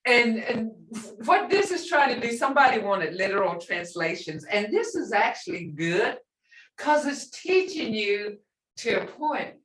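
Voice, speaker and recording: A woman teaching a language class, animated, acting out reactions and laughing often. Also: medium pitch. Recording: roomy classroom sound from far off.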